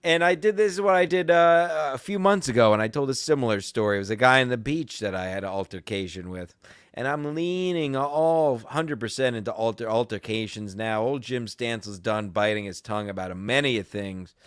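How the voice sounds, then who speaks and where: A man's voice: medium pitch, fairly quick, clean tone, no room sound, studio quality. A man hosting a podcast, telling a story in a crude, combative and profane rant. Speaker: podcast host. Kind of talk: casual ranting chat.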